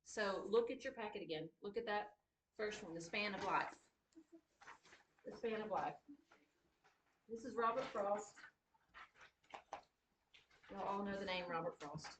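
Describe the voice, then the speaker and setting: A woman teaching a high school writing class, briskly explaining and tapping out syllable rhythms. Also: noisy background. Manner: lively, brisk, reads lines aloud and beats rhythm with syllables. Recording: echoey classroom from a distant mic.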